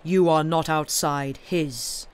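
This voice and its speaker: A man reading aloud, voicing a huge brooding blacksmith who speaks in loud, grave declarations. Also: a little high, steady tone, slow, clear, resonant tone. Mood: fervent. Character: huge brooding male blacksmith, grim and devout.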